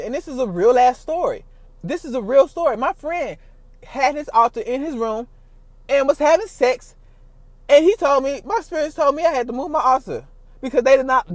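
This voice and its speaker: A man with a high-pitched voice talks in a loose, unscripted monologue. He is animated and profane, jumping from loud, excited bursts to low, quiet asides. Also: dry recording. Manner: animated, profane, laughs often, swings loud and soft. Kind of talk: casual monologue.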